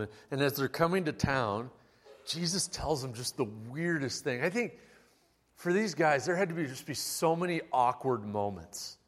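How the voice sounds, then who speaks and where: A man preaching a sermon, telling the story in a casual, animated and humorous way. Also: medium pitch. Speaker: pastor. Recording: long hall reverb.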